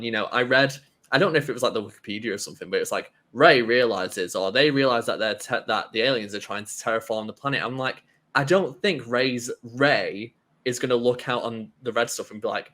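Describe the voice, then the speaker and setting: A man's voice: mid-range voice, a little fast, a bit bright. A man on a film podcast, chatting casually and rambling with many restarts. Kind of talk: casual chat.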